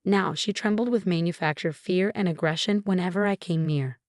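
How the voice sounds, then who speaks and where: Low-voiced woman narrating a story. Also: normal speed, no echo, clean studio sound. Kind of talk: first-person scripted story narration.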